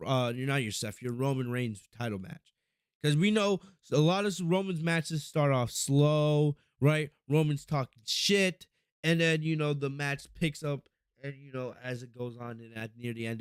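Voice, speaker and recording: A man hosting a casual review podcast in a fairly high voice, recorded close and dry. He talks in an excitable, rambling way, swearing freely and restarting his sentences. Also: smooth, no room sound. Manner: excitable, profane, rambling recap with frequent restarts. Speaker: podcast host.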